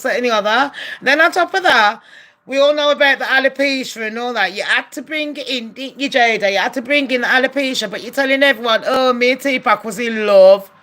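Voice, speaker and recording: A woman delivers a blunt, profane opinion rant straight to her viewers. Her voice sits high and she keeps hammering home her points with heated rhetorical questions. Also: sharp tone. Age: adult. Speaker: commentary vlogger.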